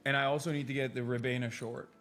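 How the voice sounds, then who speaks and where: Excitable man joking with friends. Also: mid-range voice, quick pace, loud music behind the voice. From United States. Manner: excitable, joking, swears casually. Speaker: streamer host. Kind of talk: casual reaction chat with friends.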